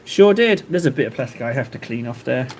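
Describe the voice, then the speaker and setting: His medium-pitched voice is expressive and a little mellow, moving fairly quickly, with slight background noise behind it. As a livestream host, he chats casually and jokes with viewers reading the live chat, rambling through many fillers and self-interruptions.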